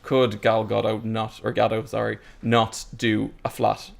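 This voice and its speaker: Gravelly man chatting animatedly. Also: lowish voice, measured pace. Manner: animated, puts on voices to mimic people. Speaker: film reviewer. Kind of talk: casual panel chat.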